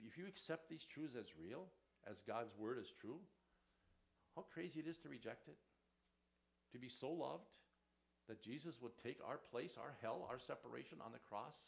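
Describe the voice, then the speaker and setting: A man's voice: mid-range voice, vocal fry, a bit bright. A man preaching a sermon as pastor, reading scripture aloud with rising emphasis.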